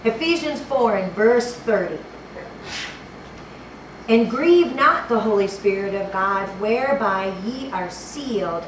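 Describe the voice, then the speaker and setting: Speaking slowly in an animated, mid-range voice, a woman preacher gives a fervent sermon. She repeats phrases and fumbles for the right verse; the church hall recording is echoey, with a distant mic and background noise.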